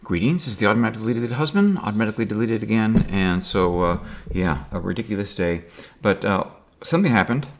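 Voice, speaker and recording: A man's voice: fairly low pitch, expressive, quick pace, hardly any pauses. A man talking to camera in a rambling personal monologue, with dry sarcastic humor and many fillers and restarts. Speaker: video diarist.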